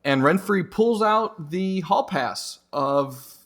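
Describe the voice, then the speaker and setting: A man's voice: sits high, slow. Man animatedly retelling a book scene. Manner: animated retelling, acts out quotes. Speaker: podcast co-host. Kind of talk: casual book discussion.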